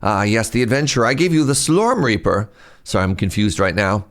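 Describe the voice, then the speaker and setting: A man's voice: on the low side, big pitch swings, brisk. A man putting on an old man voice to read a confused elderly prophet's lines in a game. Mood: muddled.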